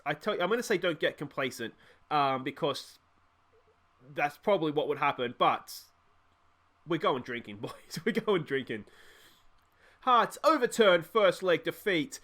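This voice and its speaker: A man from Australia commentating his own football management game, chatty and joking, cheering loudly at every goal. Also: fairly high pitch. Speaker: gaming YouTuber. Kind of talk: excited let's-play commentary.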